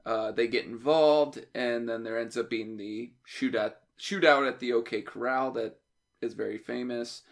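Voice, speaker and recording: A man co-hosting a casual movie review podcast, summing up a plot in a loose, rambling way and laughing often. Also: medium pitch. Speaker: podcast co-host.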